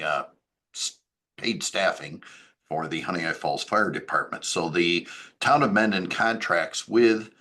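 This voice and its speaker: A man giving a local government update as town supervisor, talking in a halting way with many fillers and self-corrections. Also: low-pitched, bright, forceful tone.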